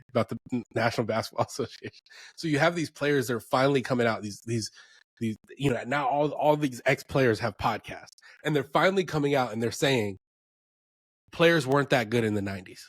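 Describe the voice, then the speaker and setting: A man's voice: medium pitch, dry recording. A man in his thirties, an educator and homeschooling parent, telling stories in a loose podcast chat, full of fillers and laughter. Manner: animated storyteller, lots of fillers and laughs. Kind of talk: casual podcast conversation.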